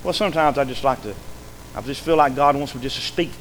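A man, a pastor preaching a folksy, animated sermon to his church, often repeating words. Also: medium pitch, fast. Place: church sanctuary. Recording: long hall reverb, faint noise.

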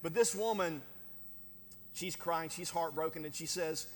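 A high-pitched male pastor delivers a sermon in an easygoing, conversational way, tossing in "right?" and little chuckles between points. His voice rings out with a long reverb, as if in a large church hall. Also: measured pace, a bit bright, slight background noise. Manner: conversational preaching with frequent "right?" asides and chuckles.

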